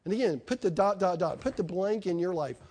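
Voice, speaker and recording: A man's voice: high voice, lively intonation, brisk, darkish tone. A middle-aged man preaching a sermon in an emphatic, conversational way, asking his listeners questions.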